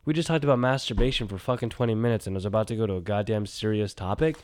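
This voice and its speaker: A man hosting a solo podcast, rambling and animated, talking to himself and swinging from loud bursts to quiet mumbles. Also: fairly low pitch, fast, few pauses, no echo, clean studio sound. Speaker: podcast host.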